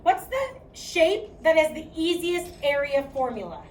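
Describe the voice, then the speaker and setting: A woman's voice: high voice, big pitch swings, measured pace, a little hiss or hum. A young woman teacher with a Midwestern Chicago accent, leading a math class in a chatty, projecting way and checking in with "okay?" as she goes. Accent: Midwestern American, Chicago. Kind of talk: classroom lecture. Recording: echoey classroom from far off.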